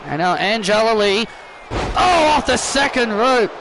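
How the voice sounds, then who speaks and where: A man commentating his own wrestling video game matches with excitable play-by-play, often restarting his sentences and shouting at the big moves. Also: high voice, moderate pace, background noise. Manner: frequent restarts and self-corrections, bursts of shouting at big moves.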